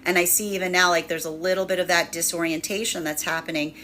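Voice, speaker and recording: A woman's voice: fairly low pitch, fairly even intonation, quick pace, pushed and bright, slight background noise. A woman giving a casual spoken tarot reading, chatty and full of fillers, often laughing while she acts out what people might say. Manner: chatty, with many fillers, laughing while acting out quoted voices. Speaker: tarot reader.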